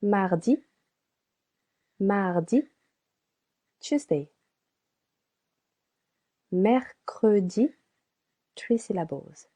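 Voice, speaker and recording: Slow, mellow-voiced woman teaching French. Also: medium pitch. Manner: slow and deliberate, repeats words for practice. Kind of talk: slow scripted language lesson.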